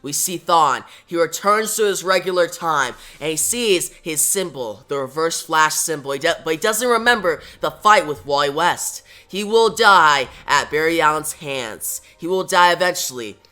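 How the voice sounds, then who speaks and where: A man's voice: on the high side, lively intonation, moderate pace, few pauses, bright, forceful tone, soft background music. A man who reviews comic books, retelling the story in a casual recap that often starts with "now". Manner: retells scenes plainly with frequent "now".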